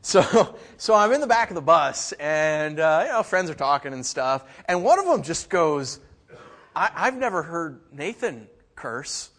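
A middle-aged man preaching a sermon, telling a childhood story with lively, animated delivery and mimicking other voices. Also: fairly high pitch, normal speed, few pauses. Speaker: pastor. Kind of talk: sermon with personal stories.

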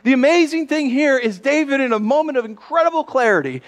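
A man preaching a sermon as pastor, conversational and animated, acting out quick quoted voices. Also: extremely high pitch.

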